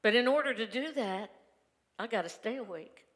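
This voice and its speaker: A woman's voice: on the high side, expressive, moderate pace. Woman preaching in a reverberant hall. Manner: candid and conversational, laughs often. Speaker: reverend giving a Sunday message. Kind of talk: personal testimony sermon. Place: church sanctuary.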